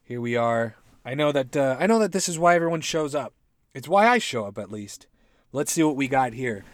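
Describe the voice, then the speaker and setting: Loud, profane man ranting about the news. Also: mid-range voice, expressive, moderate pace, no room sound, clean studio sound. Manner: swings from loud rants to mutters. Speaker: comedic news commentator. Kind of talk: profane comedic commentary.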